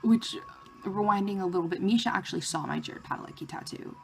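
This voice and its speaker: A woman vlogger telling a story in a casual, excited way, with lots of "like" fillers. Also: medium pitch, quick pace, vocal fry, faint music behind. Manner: excited retelling of a fan encounter, many "like" fillers.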